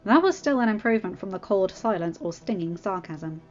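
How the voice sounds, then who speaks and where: Female narrator, expressive storyteller, lo-fi audio with soft music. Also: mid-range voice, a little fast. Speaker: audiobook reader. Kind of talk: fanfiction reading.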